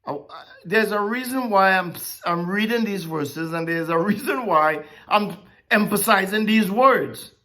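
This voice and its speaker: Animated Bible teacher, bright forceful tone, conversational sermon. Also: mid-range voice, unhurried. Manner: animated, keeps checking in with "okay?" and "right?".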